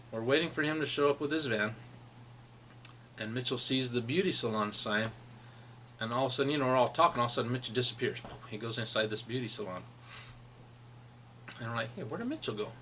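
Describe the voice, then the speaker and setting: A man's voice: medium pitch, fairly even intonation, fairly quick, long pauses, a bit bright, a little hiss or hum. A middle-aged man telling rambling personal stories about a friend, laughing as he reminisces. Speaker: friend sharing memories. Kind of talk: personal storytelling.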